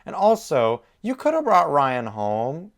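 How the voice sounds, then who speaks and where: A man's voice: fairly high pitch, huge pitch swings, a little slow. A young man hosting a TV reaction video, talking emotionally to his viewers, with faint music from the show behind him. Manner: emotional, exclaiming, talks to viewers. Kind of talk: casual reaction commentary.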